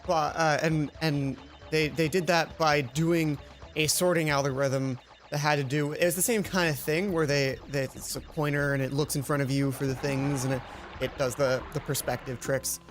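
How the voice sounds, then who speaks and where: A man with a slightly higher voice talks through a video game in loose, rambling commentary. He gets excitable as he explains things. Clear game music plays under him the whole time. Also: moderate pace. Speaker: co-host of a gaming video series. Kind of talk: casual gaming commentary. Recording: game music playing behind.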